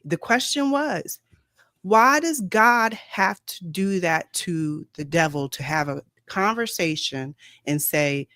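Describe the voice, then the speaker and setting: A woman's voice: on the low side, animated, slow, fairly bright tone, dry recording, studio quality. A woman in a casual faith discussion, insistent and questioning, holding the floor to press her point.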